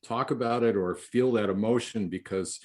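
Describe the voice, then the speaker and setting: A man, a film director, answering interview questions in a halting, heartfelt way with many restarts. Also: fairly low pitch, darkish tone.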